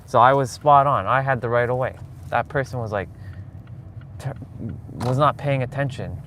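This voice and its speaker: Casting: man in his forties, rambling live-stream host, mid pitch, talking from a car with clear road noise. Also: brisk. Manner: rambling, chatty, talks to viewers. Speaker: vlogger. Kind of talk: casual live-stream chat while driving. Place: in a car on city streets.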